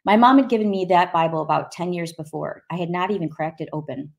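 A woman recounting her personal testimony with vivid emphasis. She tells the story in a lively way and acts out the quoted voices. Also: fairly low pitch, quick pace, vocal fry. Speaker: guest sharing a personal testimony.

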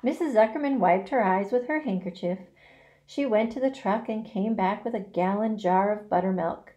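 A woman teacher reading a children's novel aloud, expressive and dramatic. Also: mid-range voice, moderate pace, highs cut off. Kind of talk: storybook read-aloud.

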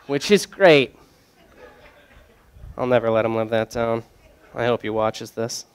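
Joking young man with a smooth voice. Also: medium pitch, a little slow. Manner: joking, loose, rambling with many fillers. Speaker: brewery sales rep. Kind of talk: casual storytelling to a group.

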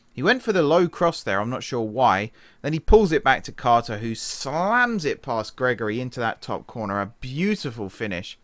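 Man, casual game commentary, chatty, self-correcting, tired, mid-range voice, dry close sound. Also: no room sound. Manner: chatty, self-correcting, quick laughs, shifts from excited to low mutters. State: tired from an early start. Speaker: gaming streamer.

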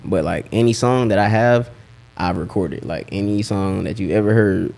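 A young man with a Southern US accent, a rapper telling stories in a relaxed, slang-filled way during a casual interview. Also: fairly low pitch, normal speed, gravelly. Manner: laid-back slang-heavy storytelling. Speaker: rapper and guest.

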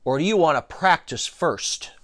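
A swaggering boy bully from a storybook, all slow, drawn-out taunts, voiced by a man reading aloud. The voice sits high and swings widely, sneering at its target. The room is dry and close. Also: lively intonation, fairly bright tone, no echo. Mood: taunting. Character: taunting big boy pitcher, cocky bully.

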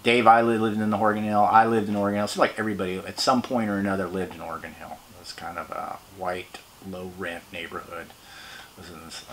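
A man's voice: sits low, fairly even intonation, quick pace, a bit bright. Rambling, laughing man. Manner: rambling, laughing, swearing freely. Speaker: interview guest. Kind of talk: casual chat.

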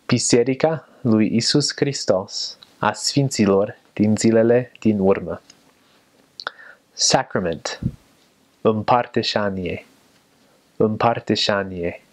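A young man who served as a missionary, talking slowly and carefully and repeating each word. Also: on the low side. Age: young adult. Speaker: returned missionary. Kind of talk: casual talk with vocabulary recitation.

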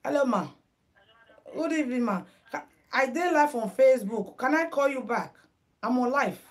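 A Nigerian woman hosts a live headwrap tutorial stream on a phone mic, chatting casually, greeting viewers by name, and mixing in Pidgin. Her high voice is expressive at a moderate pace.

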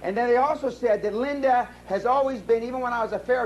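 A man's voice: extremely high pitch, fast talker, dull audio, background noise. A man giving a live seminar talk, telling brash, profane stories to the room. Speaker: seminar speaker.

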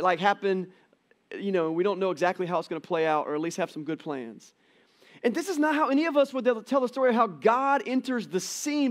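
A middle-aged man giving a conversational church sermon, telling the story with animated quoted voices. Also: sits high. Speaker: pastor. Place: church auditorium.

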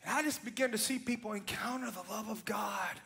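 A man delivers a sermon with impassioned storytelling. His voice sits very high for a man. His tone is bright and forceful. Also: a little fast, vocal fry. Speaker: preacher.

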